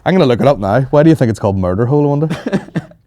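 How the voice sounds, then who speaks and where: A man's voice: mid-range voice, rapid-fire, no echo. A man hosting a podcast, telling stories in casual chat, swearing often and putting on voices for the people he quotes. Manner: swearing, animated storytelling with mimicked voices. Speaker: podcast host.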